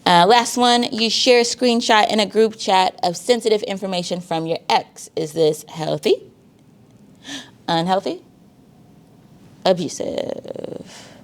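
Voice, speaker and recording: A woman's voice: mid-range voice, measured pace. A woman, a counselor talking casually about healthy dating, with lots of likes and y'alls. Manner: conversational, uses y'all and filler likes. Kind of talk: casual talk on teen dating safety.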